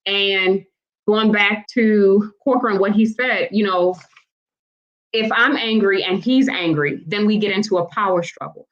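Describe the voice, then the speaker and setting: A woman leads a live-stream talk for parents, talking in a conversational way and often checking in with her viewers. Her voice sits at a medium pitch, and the audio is a bit dull and lo-fi. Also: a little slow. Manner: conversational, asks the audience for responses. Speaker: host and parenting educator.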